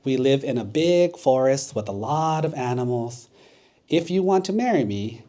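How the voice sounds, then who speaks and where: A man voicing a sensible female bird who thinks before acting, speaking in a calm, thoughtful way. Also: mid-range voice, normal speed, natural voice. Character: wise careful female bird.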